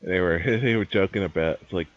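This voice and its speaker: A man's voice: deep voice, quick pace, no echo. A man streaming live, chatting casually and rambling through opinions while he games. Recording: dull lo-fi dry stream mic.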